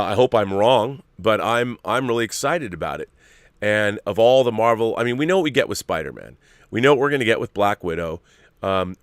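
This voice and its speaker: A man hosting his show, talking casually about a movie trailer, animated, with many fillers and repeated words. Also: on the low side, no room sound, studio quality. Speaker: show host.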